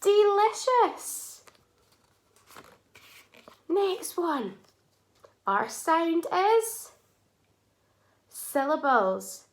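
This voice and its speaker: A woman teaching a phonics lesson to young children, sounding out words slowly and clearly and praising often. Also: a little high, animated, a bit bright.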